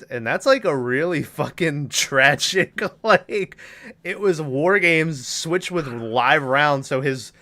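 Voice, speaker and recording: Guy recapping a movie on a podcast, swears a lot, bright kinda high voice. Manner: swears often, giggly. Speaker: podcast co-host.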